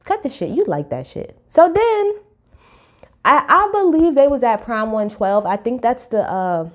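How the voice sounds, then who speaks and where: A woman, giving a casual, sassy reality TV recap full of animated commentary. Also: a little high, a little slow. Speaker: TV recap host.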